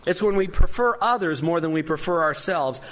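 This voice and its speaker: A man's voice: on the high side, animated, normal speed, a bit bright. A man preaching a sermon as pastor, earnest and emphatic, with rising stresses on key points.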